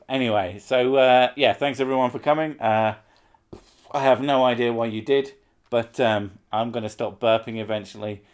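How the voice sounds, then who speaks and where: A man's voice: mid-range voice, steady tone, normal speed, long pauses. A man hosting a live stream, chatting casually and rambling through self-mocking asides.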